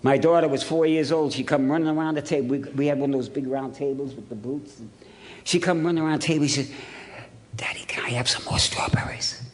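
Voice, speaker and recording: A man from Ohio telling his recovery story to a meeting, blunt and gruff, swearing freely as he acts out the scenes. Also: on the high side, fast, a little mellow. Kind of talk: storytelling talk to an audience.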